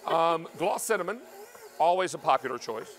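A man hosting a live TV shopping show from a studio kitchen, chatty and emphatic as he pitches a product. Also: expressive, normal speed, a bit bright. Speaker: TV shopping host.

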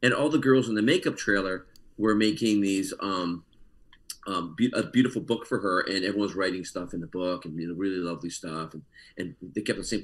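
A man, an actor guest telling an animated story with frequent laughs over a video call. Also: low-pitched, fairly quick, rough recording. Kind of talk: casual storytelling interview.

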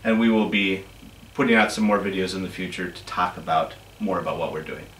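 A man's voice: low-pitched, fairly quick, a bit bright, slight background noise. A man recording a casual video announcement with his wife, teasing her and laughing easily. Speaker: ministry co-founder. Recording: echoey room, mic at a distance.

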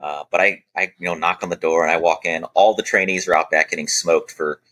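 A man's voice: deep voice, brisk. A man as a podcast guest, telling a military training story casually, acting out what people said with lots of "you know.". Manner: animated anecdote-telling, acting out quoted dialogue with many "you know" fillers. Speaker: podcast guest, former Air Force special operator.

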